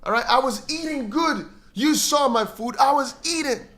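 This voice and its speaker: A man's voice: extremely high pitch, normal speed, a bit bright, pitched above the performer's own voice. A man putting on a squealing whiny lament voice. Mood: mock lament. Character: whiny high-pitched man lamenting lost glory.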